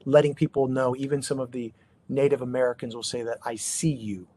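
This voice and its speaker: A middle-aged chiropractor presents an informal practice seminar to colleagues, talking fast in a mid-range voice. He's animated and loose, firing off many rhetorical questions at the audience and restarting often.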